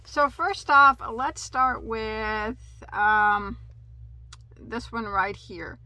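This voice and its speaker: A woman's voice: a little high, extremely slow, sharp tone, dry recording. A woman hosting a casual yarn haul video, chatty and tripping over yarn names. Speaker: crochet channel host.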